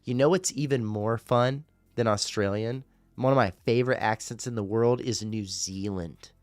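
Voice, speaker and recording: A man's voice: on the low side, normal speed, a little mellow, no echo. A man hosting a fan radio show, chatting casually on a livestream in a rambling, profane and jokey way.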